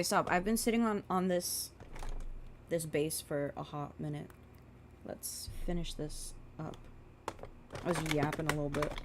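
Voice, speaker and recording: A young woman in her twenties rants casually to her viewers while putting on makeup, looping back on herself with fillers and plenty of swearing. Her voice sits on the lower side. A faint hiss of background noise runs under the recording. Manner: rambling and profane, with many fillers. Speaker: vlogger.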